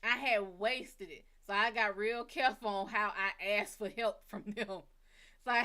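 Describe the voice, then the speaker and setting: A woman's voice: mid-range voice, moderate pace. A woman hosting her own psychic reading show, telling a personal story in a blunt, casual way with plenty of cursing. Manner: blunt, heavy cursing, lively retelling. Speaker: psychic reader and show host.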